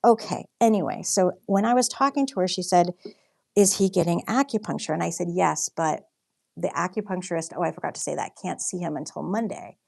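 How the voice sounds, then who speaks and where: A young woman, a livestream host and artist, chats casually while painting, telling a story packed with fillers and reading out viewer comments. Her voice is lowish and darkish with vocal fry, and she talks fairly quickly.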